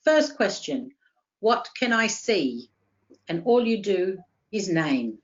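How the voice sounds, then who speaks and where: A woman with an Australian accent, a counselling psychologist calmly explaining and guiding step by step. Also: medium pitch, takes it slowly, highs cut off. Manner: steady, reassuring, guiding step by step. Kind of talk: calm explanatory interview talk.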